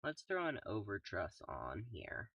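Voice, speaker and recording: Young male gaming YouTuber, calm and soft-spoken, slow unhurried delivery, bright tone, dry sound a little off-mic. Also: fairly low pitch, no room sound, distant mic. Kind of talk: casual gameplay commentary.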